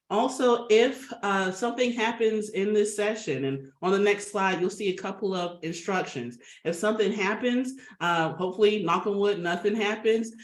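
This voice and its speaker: A woman hosting a webinar over a video call, chatty and upbeat, greeting attendees by name and laughing often. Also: fairly low pitch. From Atlanta, Georgia. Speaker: webinar host. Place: home office on a video call. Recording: roomy video call audio.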